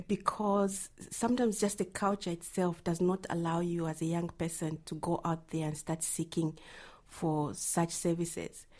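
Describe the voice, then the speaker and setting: A woman's voice: on the low side, a little mellow. A woman, an advocate answering interview questions earnestly, often trailing into a near whisper at the ends of phrases. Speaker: reproductive health advocate.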